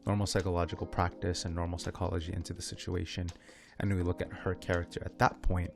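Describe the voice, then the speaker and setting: A man's voice: deep voice, flat delivery, fast, gravelly, over music. A man guesting on a podcast as a therapist, explaining things at length in a thoughtful way. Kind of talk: casual podcast chat.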